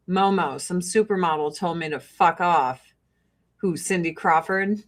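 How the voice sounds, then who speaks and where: A woman's voice: lowish voice, measured pace. A woman from Joliet, Illinois with a Chicago-area Midwestern accent, chatting casually as she answers viewer questions, blunt and profane and laughing often. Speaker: streamer answering viewer chat. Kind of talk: casual chat.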